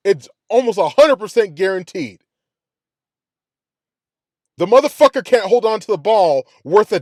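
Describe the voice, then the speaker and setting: Man, heated profane football rant, higher-pitched voice, dry close sound. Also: dry recording. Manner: profane, heated, repeats himself. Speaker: sports podcast host. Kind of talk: angry sports reaction rant.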